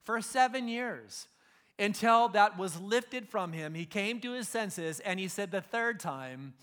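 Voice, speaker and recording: Casual preacher, middle-aged man, high bright voice, slangy storyteller. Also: lively intonation, unhurried. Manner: casual storytelling, acts out biblical figures in slang. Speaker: pastor. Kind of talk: sermon.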